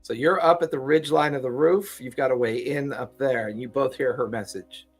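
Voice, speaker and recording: A man at middling pitch narrates a tabletop adventure as game master. He lays out each scene in steady detail, now and then pausing on an "uh". Soft music plays faintly behind him. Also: slightly rough. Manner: descriptive, steady, with filler uhs.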